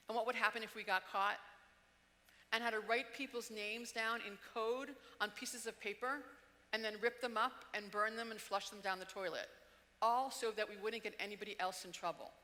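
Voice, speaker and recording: A woman's voice: fairly high pitch, pushed and bright, in a large hall. A middle-aged woman from the Washington DC area, giving a talk and telling a personal story vividly, acting out the quotes and changing her pace. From Washington DC area, United States.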